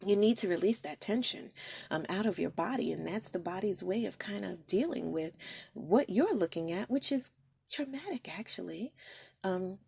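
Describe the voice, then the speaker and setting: A woman's voice: medium pitch, animated, normal speed, creaky, darkish tone, husky, no room sound. A woman podcast host telling a personal story in an earnest, heartfelt way, with frequent ums.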